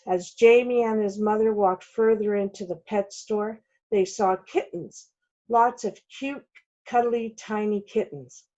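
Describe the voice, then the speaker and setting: A woman reading a children's storybook aloud at a slow, careful pace. Her voice sits in a middle pitch, and the recording sounds dull and lo-fi. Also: dark tone.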